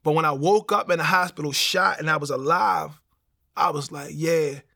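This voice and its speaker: Young man, streetwise testimony, animated, raspy fry, fairly high. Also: normal speed. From Baltimore. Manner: streetwise, animated storytelling with slang. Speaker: testimony speaker. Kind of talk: personal testimony storytelling.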